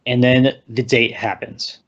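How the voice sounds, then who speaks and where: A man's voice: mid-range voice, level tone, measured pace, fairly bright tone, lo-fi sound. A man co-hosting a casual movie discussion, recapping scenes in a rambling way and acting out quotes. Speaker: podcast co-host.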